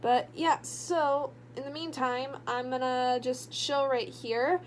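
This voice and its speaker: A woman's voice: high-pitched, slow, a little hiss or hum. Sleepy young woman rambling late at night. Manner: rambling, filler-heavy, drowsy. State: tired, yawning. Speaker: book vlogger. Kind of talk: casual late-night vlog chat. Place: at home at night.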